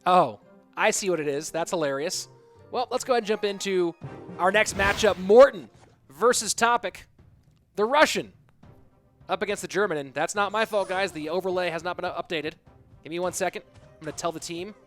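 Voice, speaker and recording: High-voiced man casting a game over music. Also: fairly bright tone. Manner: quick, chatty, jokes with the audience. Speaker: esports caster. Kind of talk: live play-by-play commentary.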